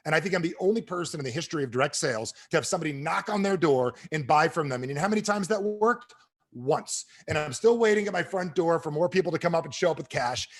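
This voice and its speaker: A middle-aged man giving a motivational sales talk to an audience, telling stories quickly and with animation. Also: on the high side. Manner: fast-talking, animated storyteller. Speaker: sales trainer and speaker.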